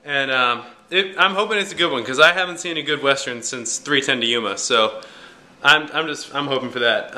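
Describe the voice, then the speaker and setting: Young male vlogger, bright tone, loose rambling delivery, self-deprecating humor. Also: medium pitch. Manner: rambling, jokey and self-mocking, with many fillers. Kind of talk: casual vlog chat.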